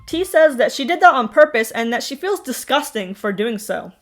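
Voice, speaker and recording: A young woman with a fairly high voice running through a reality-show recap. Her delivery is sarcastic and full of mocking asides, with faint music under her talk. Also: very animated, moderate pace. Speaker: TV recap host.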